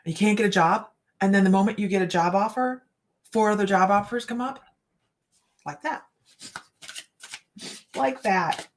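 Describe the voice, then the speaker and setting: A woman's voice: medium pitch, normal speed, long pauses. A middle-aged woman reading cards on a casual live chat, rambling and laughing often. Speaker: psychic card reader.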